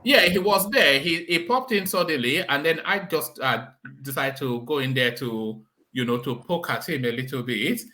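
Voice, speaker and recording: A man's voice: a little high, expressive, normal speed, hardly any pauses, bright, forceful tone. A man hosting a casual live discussion, chatty, laughing often and stumbling over repeated words. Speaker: host.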